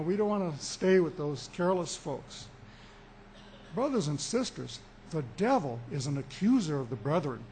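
Slow, high-voiced preaching man. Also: a little mellow, slight background noise. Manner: emphatic preaching, slow deliberate pauses, rising for emphasis. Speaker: pastor. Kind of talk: sermon.

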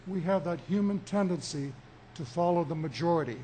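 A man preaching a sermon as pastor, with emphatic delivery and deliberate pauses that rise for emphasis. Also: fairly high pitch, mellow, a little hiss or hum.

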